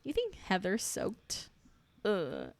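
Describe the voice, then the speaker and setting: A woman's voice: medium pitch, huge pitch swings, slow, no room sound. A young woman recapping a reality show in casual, sarcastic chat, swearing freely and laughing often. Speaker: reaction vlogger.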